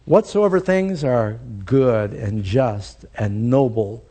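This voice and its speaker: A male pastor delivering a sermon in an animated preaching manner that rises to emphatic peaks. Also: mid-range voice, takes it slowly.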